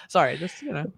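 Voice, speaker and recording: A woman's voice: deep voice, gravelly. A woman co-hosting a casual movie trailer reaction, talking eagerly and laughing often. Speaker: co-host reviewing a trailer.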